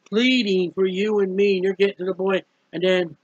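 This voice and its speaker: A man's voice: sits high, flat delivery, normal speed, breathy edge, no room sound, lo-fi sound. A man preaching about a hymn in an earnest, pleading way, repeating phrases as he urges listeners toward faith. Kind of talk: sermon-style hymn commentary.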